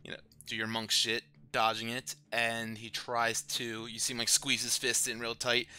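A man's voice: mid-range voice, monotone, moderate pace, bright, forceful tone, clean tone. A man narrating a live online tabletop game as dungeon master, laughing often and swearing casually.

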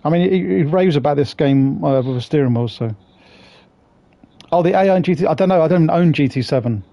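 A man's voice: a little high, expressive, a little fast, creaky, dry recording, dull audio. A man streaming a game, chatting casually with viewers, swearing and greeting them by name. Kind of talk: casual live-stream chat.

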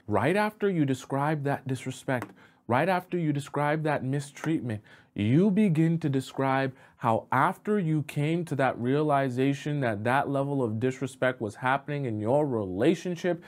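A man hosting a relationship advice video, speaking emphatically and instructively. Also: medium pitch. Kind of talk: direct-to-camera advice monologue.

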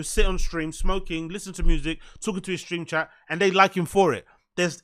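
A man's voice: high voice, a bit bright. A man with a London accent giving blunt, sarcastic reaction commentary. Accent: London English. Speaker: commentary streamer.

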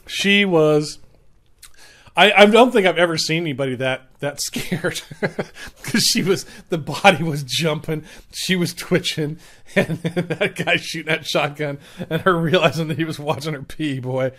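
Male podcast host, slightly higher voice, swears a lot, casual rambling storyteller. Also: measured pace, a bit bright. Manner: profane, rambling, laid-back.

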